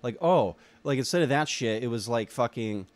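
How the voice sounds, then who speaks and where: A man's voice: medium pitch, lively intonation, moderate pace, no room sound. A young man in a rambling solo monologue, ranting with heavy swearing and lots of filler words. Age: young adult. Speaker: solo podcaster.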